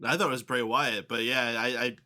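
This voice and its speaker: A man's voice: medium pitch, fairly even intonation, fairly quick, sharp tone. A man hosting a podcast, chatting casually and easygoing. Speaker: podcast host. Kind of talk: casual chat.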